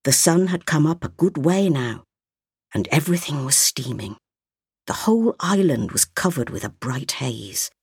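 A woman with a low, slightly husky voice reads a story aloud at an unhurried pace. Her pitch moves widely as she tells it. The sound is dry and close. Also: sing-song, darkish tone, dry recording. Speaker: narrator. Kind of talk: storybook reading.

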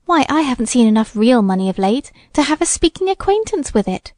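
Brief: woman reading as a merry fifteen-year-old girl, high, playful, teasing lilt, dry close sound. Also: very animated, fairly quick, darkish tone, no echo. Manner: bubbly, playful, sing-song. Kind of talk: audiobook character voice.

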